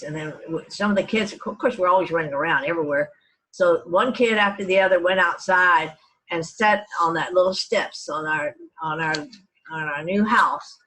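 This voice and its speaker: A woman's voice: on the low side, a bit bright, rough recording. Older woman from Texas, meandering reminiscence. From Dallas, Texas. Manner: meandering, frequent restarts and self-corrections. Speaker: family storyteller. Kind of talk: reminiscing oral history.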